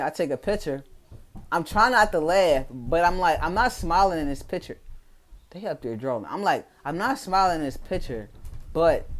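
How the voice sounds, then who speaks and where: A young man with a Philadelphia accent telling a casual, profane, slang-heavy story to his followers. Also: on the high side. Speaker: vlogger.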